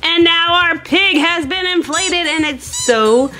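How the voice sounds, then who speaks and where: A woman's voice: extremely high pitch, takes it slowly. A woman hosting a children's toy show, narrating toy unboxing in a bubbly, sing-song way. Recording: noisy home recording.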